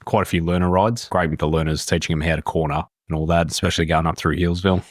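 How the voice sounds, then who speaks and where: Aussie bloke guesting on a podcast, deep voice, dry sound, just tells it straight. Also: male voice, steady tone, quick pace, no room sound. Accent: Australian. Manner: open, matter-of-fact storytelling. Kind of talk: candid podcast conversation.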